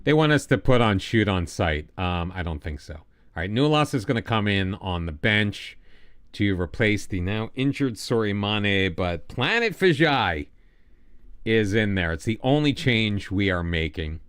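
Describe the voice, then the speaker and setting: An American man casually commentating while he streams a football management game and chats with viewers, rambling and excitable. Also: lowish voice, a little slow, clear, resonant tone. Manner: chatty, rambling, excitable during goals.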